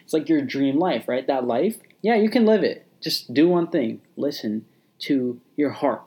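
A man's voice: medium pitch, lively intonation, measured pace, a little mellow. Casual motivational podcast host, a man. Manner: casual, repetitive, many fillers and restarts.

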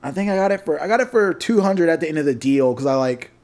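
A man co-hosting a podcast in casual chat, easygoing and halting, laughing often. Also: a little high, expressive, a little mellow. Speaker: podcast co-host.

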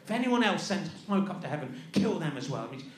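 A man's voice: a little high, big pitch swings, quick pace, a crowd in the background, voice pushed down. A comedian playing a petty, thin-skinned male God who barks out indignant orders. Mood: outraged. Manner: indignant ranting, barking orders. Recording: echoey venue with audience laughter.

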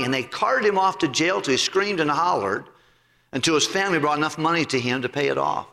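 A male pastor preaching a sermon in an animated, emphatic way. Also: fairly quick, gravelly. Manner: animated, emphatic, swooping pitch. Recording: long hall reverb.

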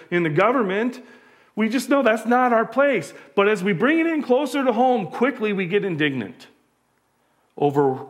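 A pastor, preaching a conversational sermon full of rhetorical questions. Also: male voice, high-pitched.

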